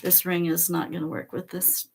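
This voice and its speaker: A middle-aged woman hosting a spiritual vlog, talking softly and slowly with emotional pauses. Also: fairly low pitch, little pitch movement, gravelly, a little hiss or hum. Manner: slow, soft and emotional, reads aloud with pauses. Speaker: channel host reading oracle cards.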